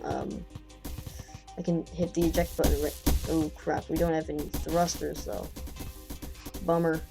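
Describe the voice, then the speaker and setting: A man giving casual, excitable gameplay commentary, joking around and often repeating or restarting his phrases. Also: fairly high pitch, gravelly.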